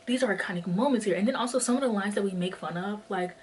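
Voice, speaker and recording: A woman's voice: mid-range voice, fast, slight background noise. Breathless young woman rambling casually. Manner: rambling, filler-heavy, lots of "like". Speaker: vlogger. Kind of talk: casual chat. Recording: distant mic with faint ambience.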